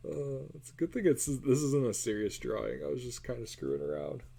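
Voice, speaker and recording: A man's voice: medium pitch, very animated, brisk, gravelly, warm tone, a little hiss or hum. A man chatting casually and muttering self-deprecating remarks while he draws on a live stream. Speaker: artist streaming a live drawing session.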